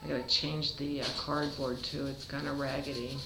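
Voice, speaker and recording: A woman's voice: very deep voice, level tone, moderate pace, vocal fry, echoey room, very noisy. A cat breeder chatting fondly to her kittens in a casual home video, with baby talk in between.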